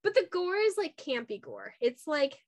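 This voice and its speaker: A woman's voice: sits high, big pitch swings, moderate pace, a crowd in the background. A woman co-hosting a casual podcast, enthusiastic and rambling. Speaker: podcast co-host. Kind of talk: casual group chat.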